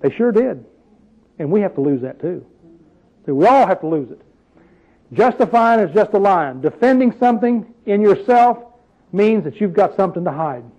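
A man's voice: high voice, expressive, normal speed, long pauses, darkish tone, low-quality recording. A man preaching a sermon in a conversational, emphatic way, full of rhetorical questions.

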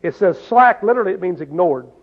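A man's voice: sits high, animated, quick pace. A man preaching a sermon in a folksy way, often asking the listeners questions and saying "see?". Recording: tinny phone-like sound.

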